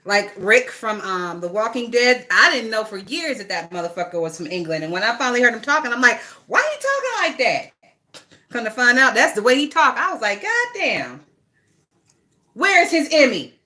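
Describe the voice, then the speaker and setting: A woman's voice: a little high, fast talker, hardly any pauses, bright, forceful tone. A woman chatting casually and gossiping bluntly, with a lot of swearing, while she works on a craft project. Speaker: vlogger.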